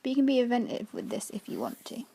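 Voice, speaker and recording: A woman talks through her makeup tutorial in a quick, chatty voice-over. Her voice sits high and she moves along fast, explaining every step. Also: wildly swooping pitch, gravelly, warm tone, breathy edge. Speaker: makeup artist.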